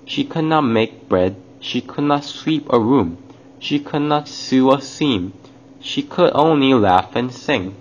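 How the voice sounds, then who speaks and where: A man's voice: medium pitch, lively intonation. A man narrating a children's fairy tale, addressing young listeners. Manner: slow, warm address to children. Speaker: storyteller. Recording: dull lo-fi, faint hiss.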